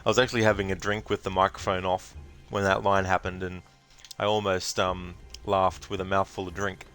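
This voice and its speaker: A deep-voiced man gives casual, rambling commentary while he plays a video game. He chats loosely and laughs easily. Game music plays faintly underneath. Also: level tone, brisk, fairly bright tone, clear, resonant tone. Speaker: streamer.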